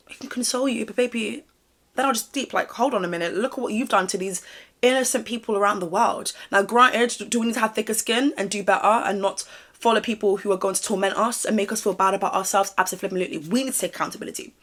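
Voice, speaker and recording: A woman commenting to camera in a sassy, direct way, her voice going a little hoarse. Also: mid-range voice, steady tone, fast, a bit bright. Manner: sassy, direct, calls viewer babe. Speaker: commentary vlogger. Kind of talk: casual opinion chat to camera.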